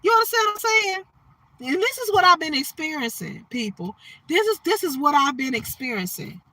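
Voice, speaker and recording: Lady going live on her phone, high bright voice, dry sound, keeps asking if u get her. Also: lively intonation, a little fast, no echo. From Detroit, Michigan. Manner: emphatic, repeats "you understand what I'm saying". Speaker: livestream host. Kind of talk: preachy livestream monologue.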